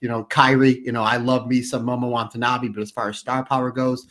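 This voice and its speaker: A man's voice: mid-range voice, flat delivery, a little fast, fairly bright tone. Friendly podcast co-host man. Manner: friendly, conversational, peppered with "you know". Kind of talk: casual podcast chat.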